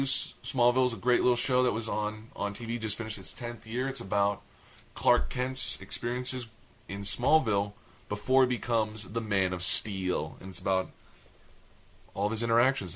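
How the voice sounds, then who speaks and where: A man's voice: on the low side, fairly bright tone. A young man co-hosting a casual podcast chat, talkative and a bit long-winded, self-deprecating. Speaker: podcast co-host.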